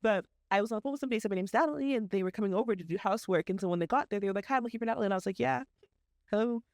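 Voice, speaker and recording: A woman from Arizona co-hosting a podcast, chatty and animated as she shares her own experiences. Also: mid-range voice, rapid-fire, no room sound, clean studio sound. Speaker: podcast co-host. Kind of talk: casual interview chat.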